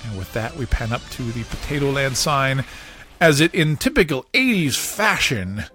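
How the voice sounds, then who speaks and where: A male podcast host narrates a cartoon episode beat by beat, his pitch bouncing up and down as the action heats up. He keeps it casual and chatty, chuckling along as he goes, at a middling pitch. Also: normal speed, soft background music. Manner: animated play-by-play retelling with chuckles.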